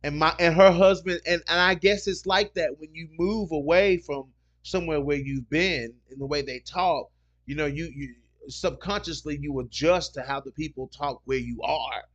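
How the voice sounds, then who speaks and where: A man's voice: a little high, normal speed, fairly bright tone, muffled recording. A man hosting a casual talk show, rambling and repeating himself as he tells stories and reads comments. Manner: rambling, repeats "you know what I'm saying". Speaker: podcast host. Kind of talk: casual solo chat reading comments.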